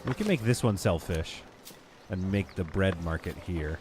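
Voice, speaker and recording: A man's voice: low-pitched, animated, normal speed, music in the background. Rambling male streamer thinking aloud. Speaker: gaming streamer. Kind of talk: casual live game commentary.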